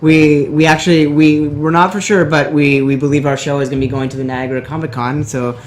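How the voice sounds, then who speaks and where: A man's voice: on the high side, flat delivery, fairly quick, a little hiss or hum. A man co-hosting a casual podcast, rambling and joking as he acts out quoted remarks. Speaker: podcast co-host. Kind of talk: casual chat.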